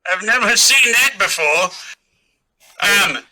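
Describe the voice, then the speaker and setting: A man's voice: high voice, expressive, takes it slowly, bright, forceful tone, poor audio. A man narrating a tabletop game as game master, loose and chatty with frequent laughs.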